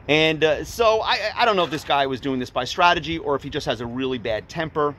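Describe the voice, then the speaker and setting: A middle-aged man, a parent vlogging casually and retelling a dispute in an animated, indignant way. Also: a little high, fast talker, few pauses, slight background noise. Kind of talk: casual to-camera vlog.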